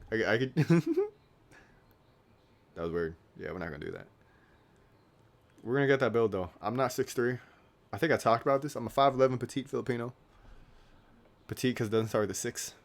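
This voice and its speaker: A young man in his late teens vlogging casually, rambling and joking at his own expense. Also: mid-range voice. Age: young adult. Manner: rambling, self-deprecating, joking. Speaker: YouTuber.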